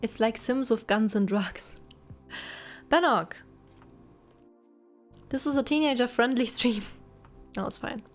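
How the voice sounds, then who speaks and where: This young streamer, a native German speaker, offers chatty, rambling gameplay commentary with gentle side remarks to chat. Her voice is a little high and unhurried, broken by long pauses, with faint game music behind her.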